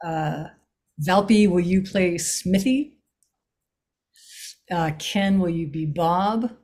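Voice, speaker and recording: Slow lowish lady handing out parts, kinda hesitant, video call. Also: darkish tone. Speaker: playwright casting readers. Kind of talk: casual chat on a video call.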